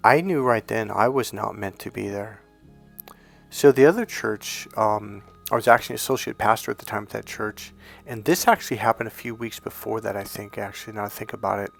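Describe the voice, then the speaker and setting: A low-pitched man with a gravelly edge talks straight to camera, telling a personal story. He is earnest and rambling and keeps stopping to correct himself. Soft music plays faintly behind him. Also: fairly quick. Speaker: dating and healing coach.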